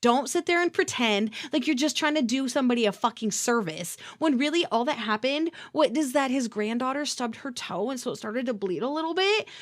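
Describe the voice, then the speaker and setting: A woman co-hosting a podcast, telling a story in a heated, profane rant. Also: sits high. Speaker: podcast co-host. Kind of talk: casual chat.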